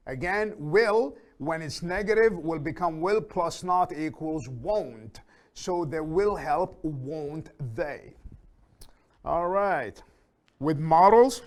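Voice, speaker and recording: A man teaching an English grammar lesson, reading example sentences slowly and repeating them for learners, with fillers and small self-corrections. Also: a little high, animated. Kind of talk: slow, deliberate lesson explanation.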